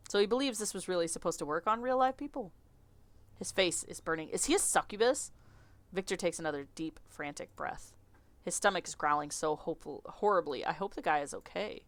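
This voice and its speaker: A woman streamer reading a visual novel aloud in an animated, chatty way, often laughing. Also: on the low side, a little fast, dry recording.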